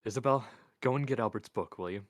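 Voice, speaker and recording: A man voicing an intense young man who speaks quietly and evenly with a cold edge, reading a story aloud. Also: medium pitch, quick pace, no echo, clean studio sound, close to an everyday voice. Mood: menacing. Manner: quiet, even, menacing.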